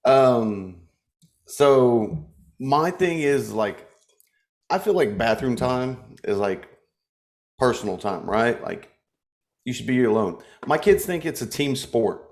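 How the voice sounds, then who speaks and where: Laid-back joking man, mid pitch. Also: expressive, takes it slowly, long pauses, a little mellow. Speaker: podcast co-host. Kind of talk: casual chat.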